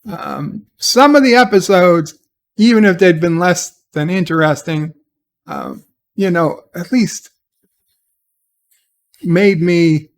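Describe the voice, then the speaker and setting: A man giving a rambling, exasperated spoken review of a TV episode, often restarting his sentences. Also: a little high. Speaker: TV show reviewer.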